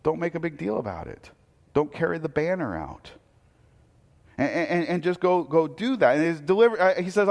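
A man's voice: high-pitched, expressive, brisk, big-room sound. A man preaching a sermon earnestly, often repeating a word as he starts a thought. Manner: earnest, repeats words when starting sentences. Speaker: pastor.

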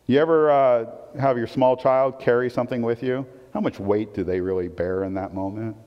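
A male pastor preaching a sermon in a conversational, animated way, swinging between loud emphatic lines and quiet asides, and asking the audience questions. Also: mid-range voice, normal speed. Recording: dull, long-reverb hall recording.

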